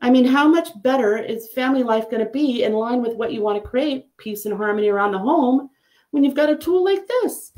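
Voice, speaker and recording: A middle-aged woman, a psychic medium, chatting casually and telling a story in an animated, lively way. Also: a little fast. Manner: chatty storyteller, animated with pitch jumps on quoted lines. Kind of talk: casual chat.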